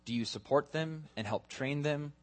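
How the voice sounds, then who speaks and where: A man's voice: fairly high pitch, normal speed. A man preaching a sermon in a church, asking his congregation earnest questions. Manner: earnest questioning, building to a led prayer. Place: church sanctuary.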